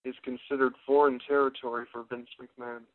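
A man's voice: mid-range voice, little pitch movement, fairly quick, no echo. A man co-hosting a casual wrestling podcast, giving blunt, emphatic opinions. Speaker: podcast co-host. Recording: dry, phone-like narrow sound.

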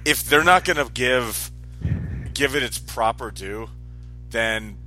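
Bright-voiced man, wry TV chat. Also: mid-range voice, slow, faint music behind. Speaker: podcast co-host. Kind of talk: casual TV recap chat.

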